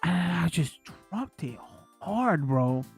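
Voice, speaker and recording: A man's voice: fairly high pitch, very animated, slow pace, creaky, faint music behind. A man chatting casually on a live stream, telling rambling stories full of slang and laughter.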